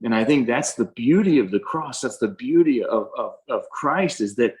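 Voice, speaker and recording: A man speaks over a video call, sharing a personal spiritual testimony in a casual, earnest tone. His voice sits at an ordinary middle pitch, and he often stops and restarts his sentences as he works through the story. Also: expressive, moderate pace, a little mellow, poor audio.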